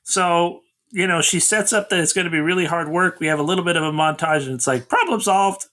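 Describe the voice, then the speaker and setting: Give me a man with a high, bright voice rambling through a film's plot on a casual review podcast. He talks loosely, with lots of "you know" and "like" as he retells scenes. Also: fairly even intonation, fast talker. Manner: rambling recaps, quotes characters. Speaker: podcast co-host. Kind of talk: casual movie-review chat.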